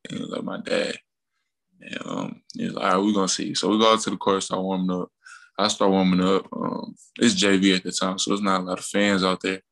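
Deep flat gravelly young man. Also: a little fast, poor audio. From Mississippi. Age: young adult. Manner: relaxed, rambling with fillers and restarts, laughs while telling stories. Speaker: college basketball player, guest. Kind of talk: casual interview storytelling.

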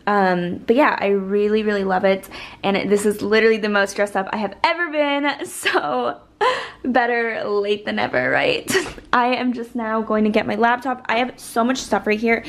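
A woman's voice: medium pitch, normal speed, low-quality recording. A woman in her twenties vlogging in a casual, earnest way, full of filler words. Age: 20s. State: emotional, close to tears. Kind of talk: casual vlog chat.

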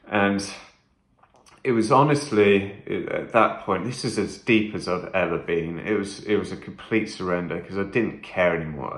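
A man's voice: low-pitched, a bit bright, roomy sound. A man vlogging a first-person trip report, talking intensely and emphatically, swearing often and repeating phrases.

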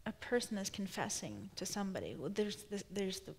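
With big swings in pitch around a medium register, a slightly rough-voiced woman in her thirties speaks a little fast. She's a novelist guest in a live onstage conversation, thoughtful and probing, and she keeps restarting what she's saying.

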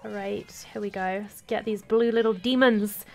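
A woman's voice: mid-range voice, fairly even intonation, moderate pace, creaky. A young woman chatting casually while playing a game live with others, giggling often and explaining the rules to her teammates. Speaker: game streamer. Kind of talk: casual live gameplay chat with co-players.

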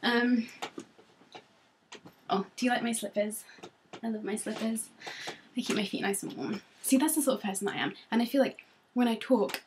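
A woman's voice: on the high side, normal speed, pauses often, a little hiss or hum. Rambling young Norfolk woman vlogging. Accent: Norfolk English. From Norfolk, England. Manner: rambling and self-conscious, many ums. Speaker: beauty vlogger. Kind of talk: casual chat to camera.

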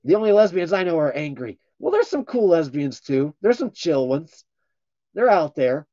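A man's voice: on the high side, mellow, no echo. A man hosting a playful livestream in a costume persona, joking around and reading viewer comments aloud. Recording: dull lo-fi livestream audio.

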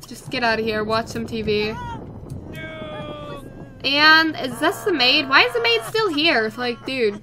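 A woman's voice: fairly high pitch, a little slow, sharp tone, slight background noise. A woman giving casual, chatty commentary while playing a life-sim game, playfully talking to her characters. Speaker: let's play gamer.

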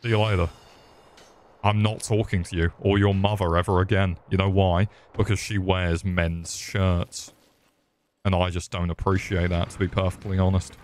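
A young man with an English accent riffs through a live game stream, cursing freely and trading crude jokes with his chat. His voice sits on the low side, with faint noise behind it. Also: little pitch movement, moderate pace, a little mellow. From England. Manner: crude, joking, swears often, talks to chat. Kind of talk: live gameplay commentary.

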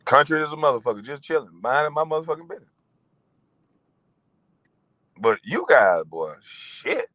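Animated middle-aged man ranting, bright voice. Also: a little high, moderate pace, pauses often, dry recording, rough recording. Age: 40s. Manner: animated, laughing, mocking. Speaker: vlogger. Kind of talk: profane ranting monologue.

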